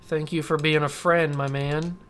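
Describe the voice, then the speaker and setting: A man's voice: on the high side, level tone, measured pace, a crowd in the background. Frustrated young man commenting on gameplay. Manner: frustrated, self-scolding, talks to himself. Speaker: gaming channel host.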